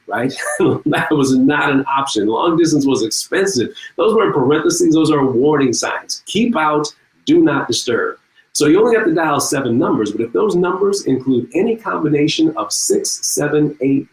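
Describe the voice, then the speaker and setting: A man's voice: on the high side, roomy sound, rough recording. A middle-aged man giving a conference talk, telling humorous stories and speaking directly to the audience. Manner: humorous, lively storytelling with audience asides.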